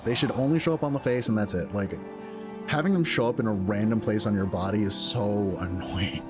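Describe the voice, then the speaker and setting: A man's voice: fairly quick, over music. A young man streaming a video game, rambling casually with lots of filler words and frequent laughs. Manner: jumps into high squeaky voices when quoting others. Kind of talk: casual gameplay commentary.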